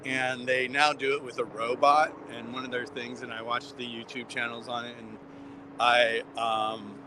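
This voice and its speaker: A man's voice: mid-range voice, little pitch movement, moderate pace, noisy background. A man rambling heartfelt to his viewers in a casual walk-and-talk vlog, filmed outdoors on a city street. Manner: rambling, heartfelt, repeats himself, talks straight to viewers. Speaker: vlogger filming outside a building.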